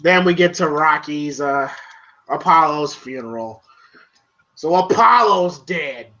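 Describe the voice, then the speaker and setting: A movie reviewer giving a casual spoken review, excitable and profane, retelling scenes in long run-on recaps. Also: mid-range voice, slow pace, lo-fi sound.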